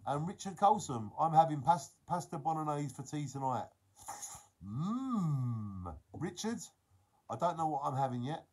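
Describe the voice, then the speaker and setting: An Englishman chats casually with his viewers during a livestream, reading out their comments and encouraging them in an earnest, emphatic way. His voice is medium-pitched with a darkish tone.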